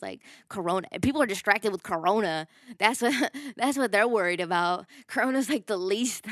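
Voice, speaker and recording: A woman's voice: medium pitch, fairly bright tone, smooth, no room sound, studio quality. A woman hosting a podcast, giving a casual, emphatic spiritual monologue, swearing and laughing as she goes. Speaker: podcast host.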